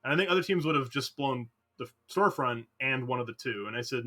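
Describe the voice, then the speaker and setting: A man's voice: medium pitch, expressive, quick pace, pushed and bright. A man, an esports player, talking animatedly in a post-match interview, rambling with lots of fillers.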